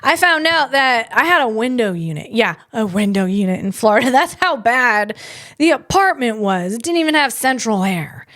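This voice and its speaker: A woman's voice: on the high side, expressive, moderate pace, a bit bright, no echo, clean studio sound. A woman hosting a casual tech comedy podcast, rambling and self-deprecating as she tells personal stories. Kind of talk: casual solo podcast chat.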